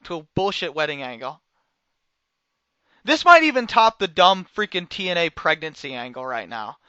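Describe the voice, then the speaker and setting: A young man rants about a wrestling show in a high, lively voice that jumps around a lot. He sounds bright and sharp, and he swings between loud outbursts and quiet, dry asides. The recording is dry and a little dull. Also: normal speed, clean tone, no echo. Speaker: wrestling reviewer. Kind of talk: casual video review.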